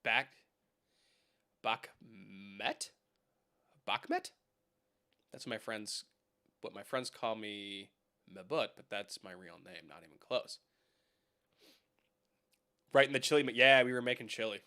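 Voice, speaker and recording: A man's voice: fairly low pitch, moderate pace, pauses often, sharp tone, clear, resonant tone. A young man hosting a casual live stream from home, rambling, swearing and chatting with viewers about keyboards. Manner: rambling, swears, laughs often, talks to chat.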